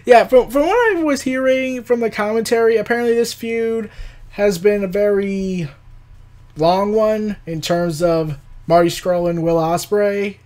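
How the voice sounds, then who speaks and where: A man's voice: high voice, unhurried, darkish tone. A man hosting an unscripted commentary show, talking in a rambling, sarcastic way with frequent laughs and the odd swear word. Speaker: podcast host. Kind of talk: casual commentary.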